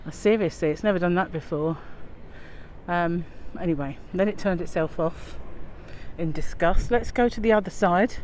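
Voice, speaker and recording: A woman's voice: on the low side, moderate pace, a little mellow. A woman chatting casually as she vlogs a walk over a windy river bridge, a bit out of breath, filmed on a handheld phone. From England. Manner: chatty and rambling, many fillers. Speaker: vlogger. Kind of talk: casual walking vlog. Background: wind and passing aircraft.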